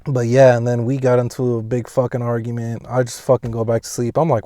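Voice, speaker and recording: A young man telling a personal story casually, swearing heavily and rambling with restarts, and getting loud and high when he reenacts scenes. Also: level tone, a little fast, no echo, clean studio sound. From Pasadena, California. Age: young adult.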